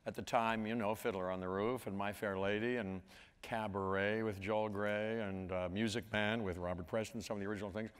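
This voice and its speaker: A lower-voiced man in his sixties from Pittsburgh tells stories from a stage, drifting through halting asides. His voice rings out in the long reverb of a large hall, with an audience present. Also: steady tone, clear, resonant tone. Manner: meandering, halting, with sung scat sounds. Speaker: interview guest. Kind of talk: storytelling onstage conversation. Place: large auditorium.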